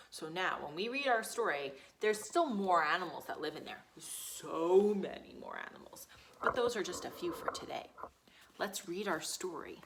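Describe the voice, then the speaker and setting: A woman teacher reading a picture book aloud to young children, animated and sing-song, slipping into whispers and gasps. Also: lowish voice, slight background noise. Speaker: preschool teacher.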